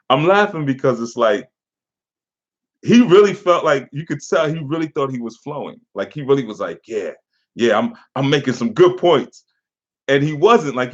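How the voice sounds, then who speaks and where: A man who is a spiritual teacher, reading a message aloud in a casual commentary and breaking off with laughter and sarcastic asides. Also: fairly high pitch. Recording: dull lo-fi recording.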